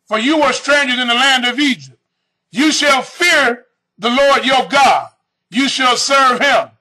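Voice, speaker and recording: A male preacher delivering a fiery sermon, reading scripture slowly and then breaking into shouted emphasis as he questions his listeners. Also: very high voice, low-quality recording. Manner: addresses the audience directly with questions.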